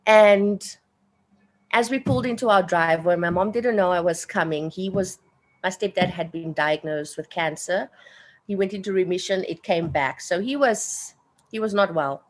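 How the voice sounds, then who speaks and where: A woman's voice: fairly low pitch, moderate pace, rough recording. A woman in her late thirties or older with a South African accent, a guest in an interview telling a personal story earnestly and emotionally, repeating phrases for emphasis. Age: late 30s or older.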